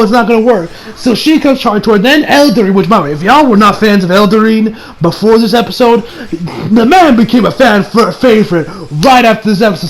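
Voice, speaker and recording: A young man excitedly recapping an anime episode, rambling, swearing, and laughing often. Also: high voice, rough recording. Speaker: anime reviewer.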